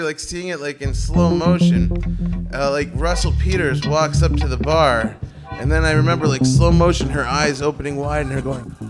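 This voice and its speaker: High-voiced man telling a comic story. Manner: rambling, self-mocking, with bursts of shouting. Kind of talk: live comedic storytelling.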